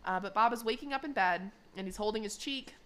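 A woman's voice: medium pitch, quick pace, fairly bright tone. A woman co-hosting a podcast, recapping an episode in a chatty, giggly way with lots of fillers. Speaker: podcast co-host.

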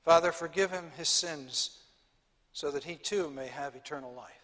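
A man reading the quoted lines of a grieving adult man confronting his abuser, soft and halting. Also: fairly high pitch, big-room sound, lightly acted. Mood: hushed.

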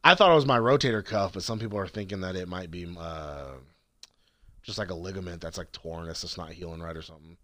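A man's voice: deep voice, fast, no echo. A young man co-hosting a podcast, talking casually and swearing a lot as he tells stories. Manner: profane, animated storytelling. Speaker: podcast co-host. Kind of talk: casual chat.

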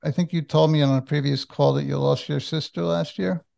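A man hosting an interview, speaking gently and appreciatively to his guest. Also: a little high, steady tone, fairly quick, gravelly. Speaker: host.

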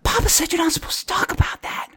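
A man doing a timid, breathy little girl. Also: big pitch swings, full character voice. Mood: whispering. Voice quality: very high, small and breathy. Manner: hesitant, halting and whispery.

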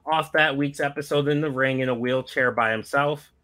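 A man's voice: mid-range voice, steady tone, normal speed, sharp tone. A man hosting a casual podcast, rambling through a wrestling recap with many fillers. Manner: rambling, full of "like" and "um".

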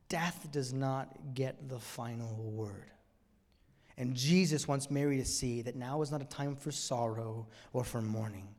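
A man preaching a sermon in a church, moving dramatically from hushed, somber passages to soaring emphasis. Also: a little high, long reverb tail. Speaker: pastor. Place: church sanctuary.

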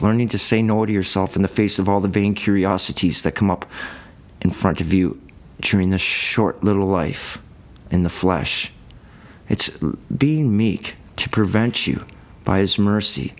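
A man preaching a sermon, reading verses and explaining them in a loose, conversational way. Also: lowish voice. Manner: colloquial, conversational Bible teaching.

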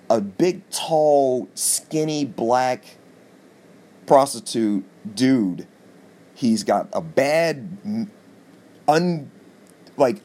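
A man hosting a podcast, telling a comic story in a profane, animated monologue with sudden jumps in pitch for emphasis. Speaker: podcast host.

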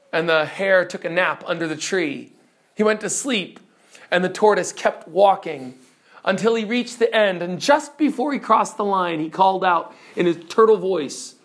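A man's voice: high-pitched, lively intonation, normal speed, a bit bright. A man preaching a teaching sermon who speaks emphatically and keeps putting questions to his listeners.

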